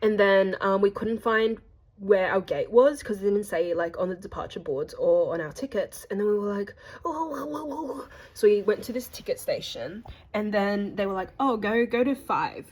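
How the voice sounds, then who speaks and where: A woman's voice: medium pitch, steady tone, moderate pace, darkish tone. A young Australian woman narrating a casual travel vlog in a chatty, gossipy way with playful slang. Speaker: vlogger.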